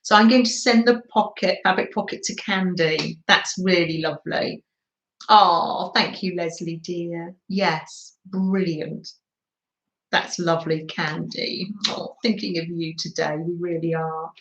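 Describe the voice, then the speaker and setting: Slow-talking English woman crafter. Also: lowish voice, steady tone, echoey room, low-quality recording. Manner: chatty, gushing with frequent little laughs. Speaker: craft livestream host. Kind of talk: live-stream crafting chat.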